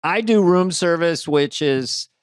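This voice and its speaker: A middle-aged man co-hosting a podcast, telling understated, deadpan anecdotes from the road in casual chat. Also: fairly high pitch, slow, smooth, dry recording, studio quality. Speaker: co-host. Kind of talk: casual comedic storytelling.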